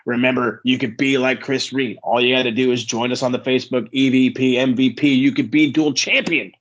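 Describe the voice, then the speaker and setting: A man hosting a podcast, casually plugging upcoming shows and social accounts with quick asides. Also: medium pitch, steady tone, a bit bright, lo-fi sound. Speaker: podcast host.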